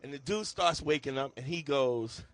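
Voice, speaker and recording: A middle-aged man co-hosting a podcast, telling a loud, profane story and acting out the voices in it. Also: mid-range voice, normal speed, no room sound. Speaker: podcast co-host. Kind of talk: casual storytelling chat.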